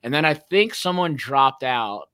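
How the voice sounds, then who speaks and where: A man hosts a laid-back podcast with a bright, forward voice. He talks in a chatty, storytelling way, tossing in quick asides and little plugs between stories. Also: mid-range voice, expressive, clean tone, no echo. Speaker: podcast host. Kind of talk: casual chat.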